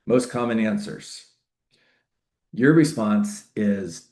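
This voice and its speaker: A man coaching real estate agents in a live online training session, energetic and interactive, repeating key phrases for emphasis. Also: on the low side, takes it slowly.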